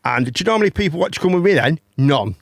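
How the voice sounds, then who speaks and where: A man's voice: fairly high pitch, expressive, very fast, no echo, clean studio sound. A man, hosting a casual chat and telling a long story, rambling, swearing and repeating words. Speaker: host.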